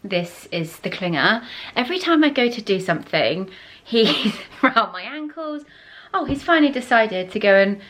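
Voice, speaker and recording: A woman's voice: mid-range voice, big pitch swings, normal speed, a bit bright. Young woman, enthusiastic, casual vlog host. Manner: gushing, enthusiastic product chat. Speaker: lifestyle vlogger.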